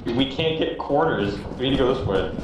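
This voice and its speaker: A man playing a co-op horror game with friends, swearing loudly when something jumps out. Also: mid-range voice, animated, fairly quick, very echoey, very noisy. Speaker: co-player. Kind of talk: casual gaming chat.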